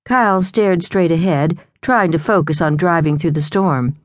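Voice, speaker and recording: A woman narrating a novel in a measured, even storytelling manner, close to the microphone. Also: fairly low pitch, dry recording. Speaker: audiobook narrator. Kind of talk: scripted narration.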